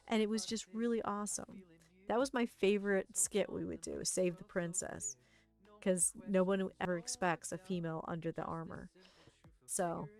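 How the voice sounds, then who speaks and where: A woman's voice: mid-range voice, brisk, soft background music. A woman streamer chatting casually, telling stories while she paints and acting out the lines of the people in them. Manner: animated, acts out quoted lines.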